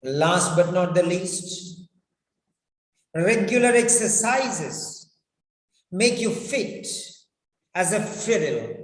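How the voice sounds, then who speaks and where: A man teaching a speaking lesson, talking deliberately and repeating key words for emphasis. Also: high voice, animated. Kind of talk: spoken lesson. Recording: echoey room with long reverb.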